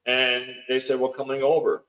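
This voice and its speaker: A man with a mid-range, slightly bright voice delivers everything completely flat at a moderate pace. A house owner appearing as a podcast guest, he casually tells a long, rambling story, quoting others again and again, with many restarts and filler words. The recording is rough.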